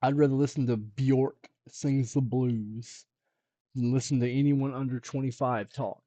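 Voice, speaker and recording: A man hosting a live music stream, chatting with viewers in a loose, joking way, drawing words out slowly for comic effect. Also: medium pitch, steady tone, warm tone, no room sound. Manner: joking, rambling banter with viewers. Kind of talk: casual chat on a live stream.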